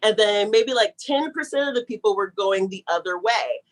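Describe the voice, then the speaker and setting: A woman telling a long personal story in a casual, animated way, talking fast and acting out the people she quotes. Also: mid-range voice, rough recording. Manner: talks fast to get through a long story.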